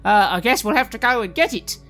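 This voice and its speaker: A man's voice: expressive, fairly quick, sharp tone. A man voicing a flustered middle-aged showman in a top hat, stammering and fussy, with music behind. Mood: flustered fussing. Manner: stammering, fussy, high-pitched.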